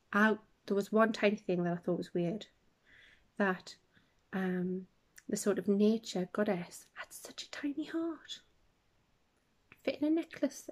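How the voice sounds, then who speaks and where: A woman's voice: medium pitch, darkish tone. A middle-aged woman from the UK hosting a podcast, chatting casually and enthusiastically about shows she loves, rambling with asides. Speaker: podcast host. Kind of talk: casual chat reviewing shows.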